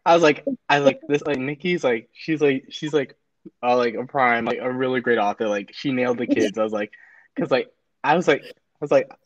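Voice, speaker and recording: A woman's voice: rumbling low, brisk, no room sound, lo-fi sound. A woman hosting a book podcast, gushing with enthusiasm and filling her talk with constant "like". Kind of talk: casual interview chat.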